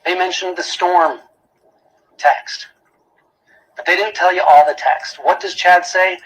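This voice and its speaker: Husky-voiced man arguing before a jury. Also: high voice, fairly even intonation, measured pace, pauses often, fairly bright tone, rough recording. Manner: emphatic, repeats key phrases, rhetorical questions. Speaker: prosecutor. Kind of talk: courtroom closing argument. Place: courtroom.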